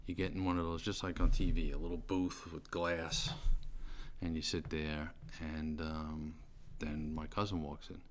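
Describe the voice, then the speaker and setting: A middle-aged man with a bass voice, speaking in a level tone and a little slowly, tells the story of his own sentencing. His casual, rambling testimony is full of fillers and restarts, with faint background noise behind him.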